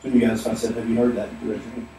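A man's voice: mid-range voice, completely flat delivery, racing, background noise. Preaching man in an echoey hall. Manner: emphatic, repetitive preaching. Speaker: pastor. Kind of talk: sermon. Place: church sanctuary. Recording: echoey hall, mic at a distance.

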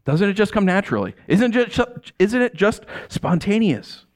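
A man with a high voice leads a relaxed Bible teaching. His pitch swings widely as he talks. He is chatty and animated, laughs easily, and keeps tossing rhetorical questions at his listeners. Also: moderate pace. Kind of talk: casual expository Bible teaching.

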